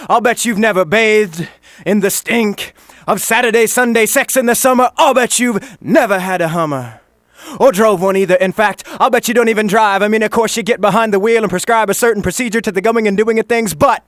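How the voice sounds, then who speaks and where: A man performing a spoken word poem with intense emphasis, building from low murmurs to shouting. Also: dry recording, clean studio sound. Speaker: slam poet.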